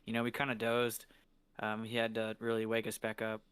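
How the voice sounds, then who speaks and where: Smooth-voiced joking man. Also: lowish voice, completely flat delivery, brisk, a bit bright, dry recording. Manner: joking and chatty. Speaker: player. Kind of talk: casual tabletop game chat.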